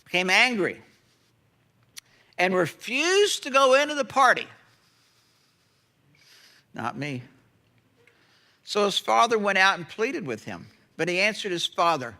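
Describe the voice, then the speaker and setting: A man pastor preaching a sermon and vividly retelling a story, with animated storytelling. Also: high-pitched, measured pace, long pauses.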